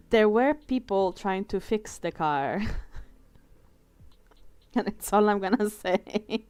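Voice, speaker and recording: A woman's voice: medium pitch, very animated, drawn-out words, pauses often, a little mellow, clean tone, dry recording. A young woman chatting casually while she draws on a live art stream, rambling from story to story, swearing lightly and laughing often. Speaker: artist streaming a drawing session. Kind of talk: casual chat while drawing.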